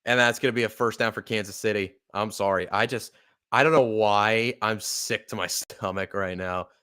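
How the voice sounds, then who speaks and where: Smooth-voiced man calling plays live. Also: lowish voice, normal speed. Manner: swearing, apologetic and upset, bursts of excitement on plays. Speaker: play-by-play podcast host. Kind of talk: live fan play-by-play commentary.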